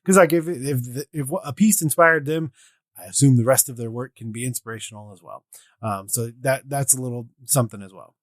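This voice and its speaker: A man's voice: medium pitch, brisk, no room sound, studio quality. A man hosting a tabletop gaming podcast, talking casually and joking, with plenty of fillers and restarts. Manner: chatty, jokey, with frequent fillers and restarts. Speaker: podcast host. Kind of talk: casual podcast chat and outro.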